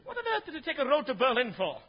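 An actor playing an excitable, pompous, bumbling hero in a 1950s radio comedy, given to shouting outbursts. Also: male voice, extremely high pitch, very fast, husky, full character voice. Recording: noisy dull old radio recording.

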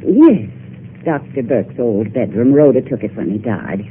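An actress playing a breezy, affected, remarried wife, in 1950s radio drama acting. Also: female voice, a bass voice, big pitch swings, a little slow, slight background noise, exaggerated voice. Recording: narrow-band old radio broadcast.

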